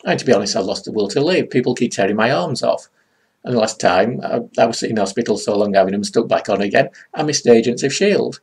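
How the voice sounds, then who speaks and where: A man voicing a weary, self-pitying Bigfoot in a grumbling, deadpan way. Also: mid-range voice, fast, vocal fry, breathy edge.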